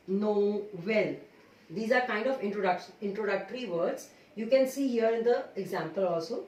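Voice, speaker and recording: A woman teacher with an Indian English accent gives a grammar lesson, explaining patiently and often checking in with "okay" and "right?". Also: mid-range voice. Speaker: school teacher. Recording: echoey room, far from mic.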